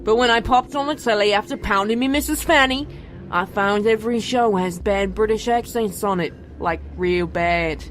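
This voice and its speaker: A woman's voice: medium pitch, normal speed, slight background noise, natural voice, rough recording. A woman playing a crude, rowdy British husband who talks in coarse slang. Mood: grumbling.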